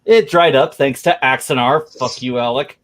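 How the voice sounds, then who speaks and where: A man's voice: mid-range voice, normal speed. A man hosting a geek podcast, chatting casually and announcing the show with a theatrical flair. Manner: theatrical, playful announcer delivery. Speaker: podcast host. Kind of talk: casual chat and show intro.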